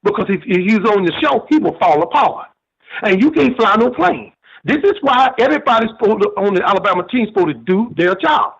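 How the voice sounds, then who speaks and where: A man's voice: high-pitched, animated, fairly quick, vocal fry, a bit bright, husky. An older man with a Southern US accent calling in to a sports show, folksy and sermon-like, repeating "man". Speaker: caller. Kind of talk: phone-in preaching-style rant. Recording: muffled phone call.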